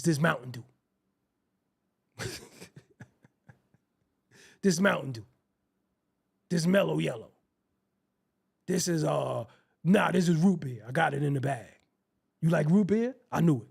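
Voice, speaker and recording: A man hosting his show, telling a comedic, profane story in an animated way and acting out the quoted voices. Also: on the high side, slow, vocal fry, pauses often, slightly rough. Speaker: show host.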